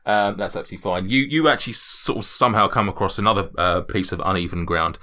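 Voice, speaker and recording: Low-voiced man running a tabletop game. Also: fast talker. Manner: relaxed, hesitant, with many ums and restarts. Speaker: game master.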